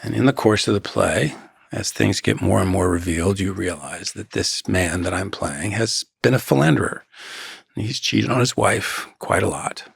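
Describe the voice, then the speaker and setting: Man in his sixties, low gravelly voice, dry close sound, reflective storyteller. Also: normal speed, no echo. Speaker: guest actor. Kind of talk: conversational interview.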